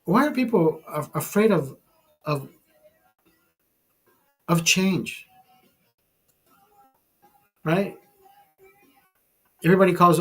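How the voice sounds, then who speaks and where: A man's voice: high-pitched, animated, takes it slowly, pauses often, husky, soft background music. A man hosting his own channel, delivering a heated, profane political rant full of restarts. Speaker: channel host.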